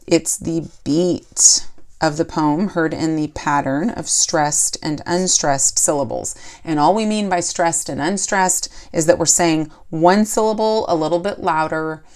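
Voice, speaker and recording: A woman teaching a poetry lesson for children, explaining step by step and asking the class questions. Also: lowish voice.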